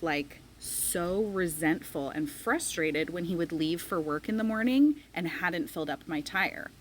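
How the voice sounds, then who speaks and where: A woman in her thirties talks in a slightly low voice, telling a personal story to the camera. She speaks loosely and chattily, scattering "like" through her sentences. A faint hiss runs underneath. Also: low-quality recording. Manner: chatty, frequent "like" fillers, emotional retelling. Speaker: spiritual coach. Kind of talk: casual personal storytelling vlog.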